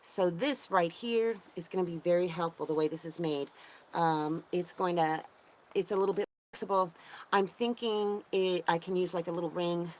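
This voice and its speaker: A woman with a somewhat low voice hosts a relaxed live chat, rambling along with plenty of ums and restarts. Her voice bounces up brightly whenever she greets viewers, and crickets and insects chirp faintly behind her. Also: normal speed, a little hiss or hum. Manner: bubbly, voice jumps up when greeting viewers. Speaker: homesteading channel host. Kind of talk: casual livestream chat, reading viewer comments.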